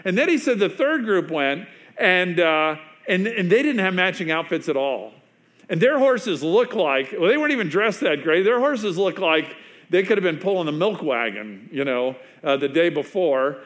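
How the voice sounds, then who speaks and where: A man preaching a sermon who tells it like a story, chatty and unpolished, with plenty of ums and restarts. His voice sits a bit higher than most men's, and he sinks to a hushed near-murmur when he wants a line to land. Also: big pitch swings, moderate pace. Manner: conversational storytelling with frequent fillers and restarts; drops to a hushed, quieter voice for emphasis. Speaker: pastor.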